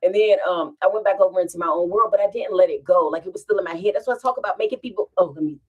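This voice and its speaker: A woman's voice: mid-range voice, very fast, narrow, tinny audio. A woman vlogger, chatting casually at home and telling a rambling story with frequent laughs. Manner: animated, rambling, laughs often.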